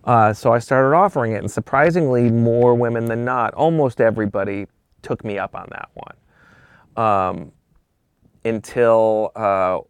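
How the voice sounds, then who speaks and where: Middle-aged photographer guy spinning a story, gravelly, swings up and down when he quotes folks. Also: a little slow, no echo, studio quality. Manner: lively, swings pitch when quoting people. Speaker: photographer guest. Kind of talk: storytelling anecdote in conversation.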